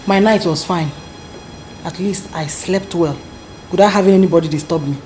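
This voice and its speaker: A woman's voice: lowish voice, normal speed, darkish tone, slight background noise, lightly acted. A Nigerian woman playing an angry, demanding wife who scolds sharply, in a film scene with music under it. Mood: cool. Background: background music.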